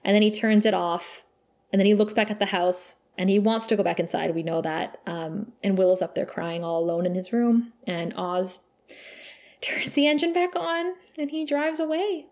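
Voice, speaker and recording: A woman's voice: fairly low pitch, normal speed, darkish tone. A woman co-hosting a casual podcast, recapping a TV episode in an emotional, gushing way and laughing often. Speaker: podcast co-host.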